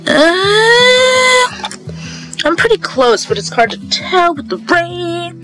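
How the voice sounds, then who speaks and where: A woman's voice: very high-pitched, lively intonation, normal speed, music in the background, rough recording. A woman chatting casually while playing a video game. She sings along to songs between her remarks. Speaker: gamer.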